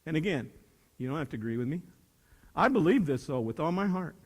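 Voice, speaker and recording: A man's voice: a little high, lively intonation, brisk. A middle-aged man giving a folksy, joking motivational speech to a hall of students, asking the crowd questions. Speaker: speaker at a student leadership academy. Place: large hall with a student audience. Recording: long hall reverb.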